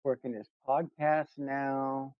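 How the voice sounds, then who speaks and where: A man's voice: mid-range voice, level tone, slow, clean tone, dry recording, dull audio. A man co-hosting a podcast, chiming in with brief comments in casual chat. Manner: brief interjections. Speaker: podcast co-host.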